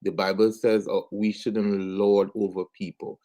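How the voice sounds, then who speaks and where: Man, low register, unhurried, thoughtful podcast talk. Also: little pitch movement, dark tone. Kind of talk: casual podcast discussion.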